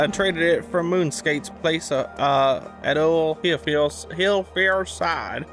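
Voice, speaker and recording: A man voicing a folksy, proud female pirate captain from a video game, in a put-on American Southern drawl and a slow, halting read. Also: a little high, fairly bright tone, close to an everyday voice. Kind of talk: reading game dialogue aloud.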